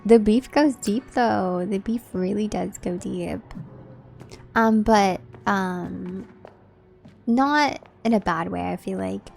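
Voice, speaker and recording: A woman's voice: medium pitch, slow pace, vocal fry, darkish tone, soft background music. Chatty woman streamer. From Southern California. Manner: chatty, laid-back, reads and answers chat. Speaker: livestream host. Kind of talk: casual chat with viewers.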